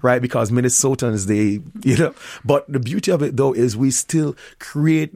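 A man's voice: mid-range voice, dark tone, dry recording, studio quality. A middle-aged Jamaican man, a restaurant owner, talking in an upbeat interview and laughing often. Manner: upbeat, laughs often, acts out customers' voices. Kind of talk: interview conversation.

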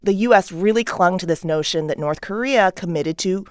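A woman's voice: fairly low pitch, normal speed, a little mellow, clear, resonant tone, dry recording, clean studio sound. A woman news correspondent chatting casually on a talk show, wry and sardonic. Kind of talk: casual chat.

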